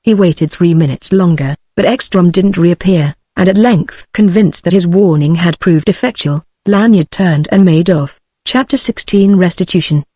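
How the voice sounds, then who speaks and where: A British-accented text-to-speech female voice narrating a novel as an audiobook, in a steady, synthetic delivery. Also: on the low side, moderate pace, hardly any pauses, dry recording, studio quality. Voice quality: synthetic, even.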